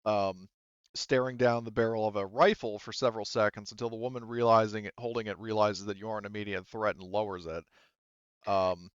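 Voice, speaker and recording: Low, smooth-voiced man running a tabletop game. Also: level tone, brisk, no room sound, lo-fi sound. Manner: hesitant, many ums and restarts while describing scenes. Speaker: game master.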